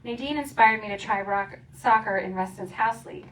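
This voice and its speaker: A Philadelphia-area woman shares passages from her memoir at a community event, joking around and laughing as she performs the humorous moments. Her medium-pitched voice moves at a moderate pace with a bit of brightness, recorded from a distance with faint background noise.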